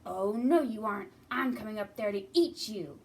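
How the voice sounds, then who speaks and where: Mean male troll voiced by a woman, slow drawling threats, heard from across the room. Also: animated, far from the mic, close to an everyday voice. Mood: menacing. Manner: slow, drawn-out, booming threats. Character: mean bridge-dwelling troll, male, menacing.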